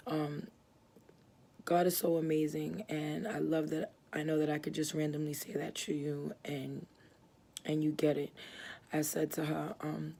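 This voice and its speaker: A woman's voice: sits low, vocal fry, mellow, husky. A woman giving a personal religious testimony, earnest and rambling, with many fillers and restarts, moved as she tells it. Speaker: church member giving testimony.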